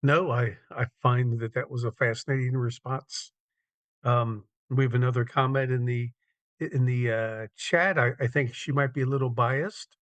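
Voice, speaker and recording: A man's voice: mid-range voice, steady tone, moderate pace, a bit bright, no echo. Man moderating an online Q&A.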